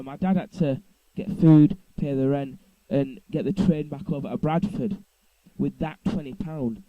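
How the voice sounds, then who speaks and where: Young guy rambling on, keeps correcting himself, super mellow dark voice. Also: mid-range voice, no room sound, rough recording. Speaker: vlogger. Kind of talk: casual storytelling. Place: indoors at home.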